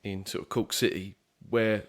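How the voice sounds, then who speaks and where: A man's voice: lowish voice, flat delivery, moderate pace. A young man from southeast England, a musician guest chatting casually in a podcast interview, easygoing and rambling with lots of fillers.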